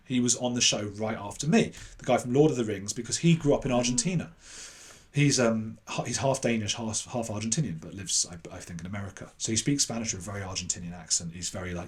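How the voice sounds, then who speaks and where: English man, podcast guest, lively anecdote teller, jumps into other people's voices. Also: medium pitch. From England. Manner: animated storyteller who acts out other people's voices. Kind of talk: casual anecdote in an interview.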